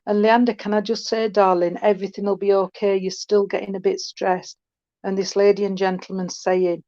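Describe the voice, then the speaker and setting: A woman's voice: mid-range voice, little pitch movement, brisk, mellow, no echo. A woman giving an online mediumship reading, chatty and affectionate, calling people sweetheart. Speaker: spiritualist medium. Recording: dull, dry call audio.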